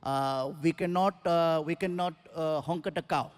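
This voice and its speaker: A comedian voicing a patient, formal male taxi driver, hesitant with little pauses. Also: on the high side, pitched below the performer's own voice, natural voice. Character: polite, unflappable male Indian taxi driver.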